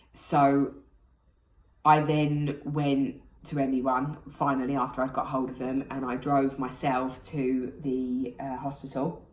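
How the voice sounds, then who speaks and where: Low-voiced British woman, candid storyteller. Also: a little mellow, recorded from a distance. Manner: candid, emotional retelling. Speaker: vlogger. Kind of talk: personal storytelling. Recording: echoey room.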